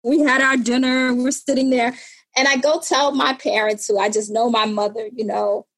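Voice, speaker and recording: A woman in her fifties telling a personal story in conversation, animated and acting out the people in it. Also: a little high, moderate pace, rough recording. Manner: animated, acts out voices in retold scenes.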